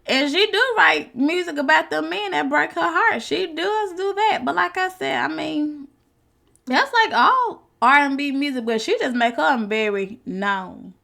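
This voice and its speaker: A woman's voice: high-pitched, expressive, a little slow, creaky, sharp tone. A woman hosting a reaction video, chatting casually and colloquially about a clip.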